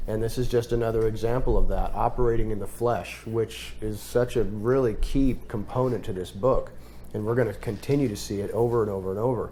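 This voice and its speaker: A man's voice: lowish voice, steady tone, fairly quick, dark tone. Man leading a casual Bible study. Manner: thoughtful, conversational, with fillers and restarts. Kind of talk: group Bible study discussion.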